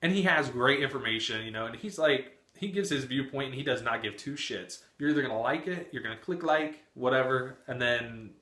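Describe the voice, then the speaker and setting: A man's voice: mid-range voice, a bit bright. A young man in his twenties chatting casually on his book vlog, talkative and cursing freely. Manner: chatty, frequent cursing and laughter. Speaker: book vlogger. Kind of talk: casual chat. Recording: echoey room.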